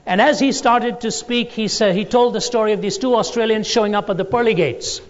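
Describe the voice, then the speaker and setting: A man giving a lecture, telling stories and jokes in a deliberate, storytelling way. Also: high-pitched. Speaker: Christian apologetics lecturer. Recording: dull lo-fi recording in a large reverberant hall.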